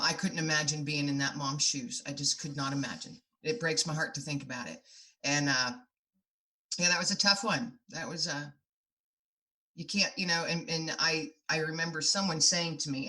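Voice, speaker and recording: A woman's voice: low-pitched, moderate pace, pushed and bright. A middle-aged woman speaking as a podcast guest, telling her stories in an earnest, heartfelt way. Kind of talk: podcast interview.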